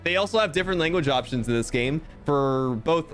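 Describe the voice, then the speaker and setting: A man streaming a game, chatting casually with animated, jokey, sometimes crude asides over faint game music. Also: on the high side, fairly quick. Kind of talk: casual let's-play commentary.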